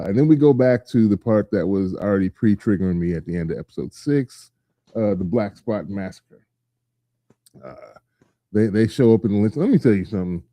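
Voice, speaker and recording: A man with a low, very mellow voice hosts a casual chat and gets animated as he talks things through. He slips into quick voices to act out scenes. The sound is dry and close, with no room around it. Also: no room sound. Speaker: podcast host.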